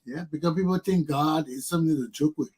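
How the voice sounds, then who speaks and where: A man hosting a talk show who discusses scripture in a preachy, animated way and acts out the quotes he cites. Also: fairly high pitch, quick pace, crowd noise. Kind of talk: casual religious discussion.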